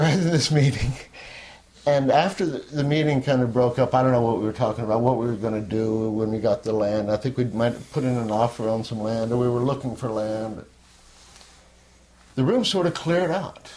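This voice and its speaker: An older man telling a personal story in a candid, rambling way, at times sinking to a soft near-whisper. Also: medium pitch. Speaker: interviewee.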